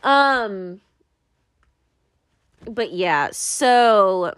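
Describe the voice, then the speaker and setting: A woman's voice: medium pitch, lively intonation, very slow, a bit bright, clean tone, no room sound, clean studio sound. A young woman talking casually to camera in a rambling monologue, full of fillers, restarts and sudden swings.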